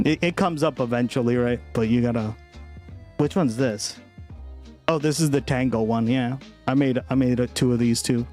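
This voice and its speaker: Profane, rambling young man streamer. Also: mid-range voice. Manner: casual, profane, rambling with frequent "right?". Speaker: political livestream host. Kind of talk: casual livestream chat with viewers.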